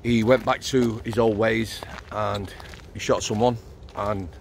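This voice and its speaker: Gravelly and lowish, with a steady, unhurried tone, the voice belongs to a middle-aged Yorkshire man who was a prison officer. He tells blunt, matter-of-fact stories full of swearing while walking outdoors at night, with slight background noise.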